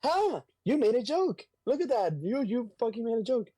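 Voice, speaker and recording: A man puts on a young superhero who cracks jokes and curses through every scrape. The voice sits higher than his usual talk and has a warm, mellow tone. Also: normal speed. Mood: wisecracking. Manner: excitable, quips and curses. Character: wisecracking young male superhero, quippy and frazzled.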